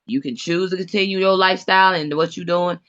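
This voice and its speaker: A man's voice: high-pitched, steady tone, quick pace, a bit bright, muffled recording. A man in casual chat, talking in a blunt, emphatic, lecturing way. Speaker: co-host.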